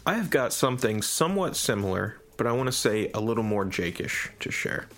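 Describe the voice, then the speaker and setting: Casting: male podcast co-host, low voice, relaxed and chatty, an animated storyteller. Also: fairly quick, slight background noise. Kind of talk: casual podcast chat.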